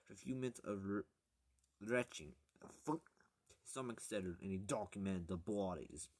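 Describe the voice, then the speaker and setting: An amateur audiobook reader, a man with a fairly low, darkish voice, reads casually and rambles, stumbling, correcting himself, and stopping for crude jokes. The recording is dry.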